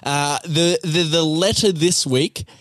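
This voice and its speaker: A man's voice: fairly high pitch, fairly even intonation, slow, dry recording, clean studio sound. A young man co-hosting a casual podcast, playful and laughing as he runs a quiz game. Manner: playful, laughs often, game-show patter. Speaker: podcast co-host.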